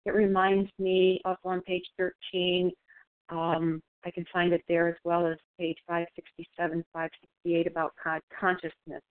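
A woman sharing thoughtfully at a recovery meeting by phone, pausing with fillers. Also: fairly low pitch, no echo. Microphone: phone call. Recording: dry phone-line audio.

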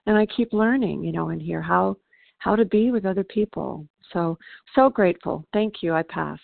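Gravelly woman on a phone line. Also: fairly low pitch, moderate pace, no echo. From South Carolina, US. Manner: heartfelt, grateful. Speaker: meeting member sharing. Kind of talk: recovery meeting share.

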